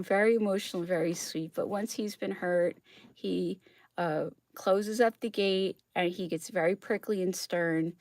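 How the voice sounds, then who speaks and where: With a lowish, darkish voice in clean studio sound with no room noise, a woman chats her way through an astrology show monologue. She laughs frequently and keeps her audience with her by asking "okay?"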